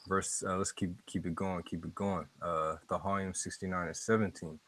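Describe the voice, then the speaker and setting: A man teaching scripture in a casual, halting way, going slowly word by word and often repeating himself. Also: low-pitched, steady tone, gravelly, a bit bright, low-quality recording. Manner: slow, halting, repeats words and fillers. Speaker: street preacher teaching scripture.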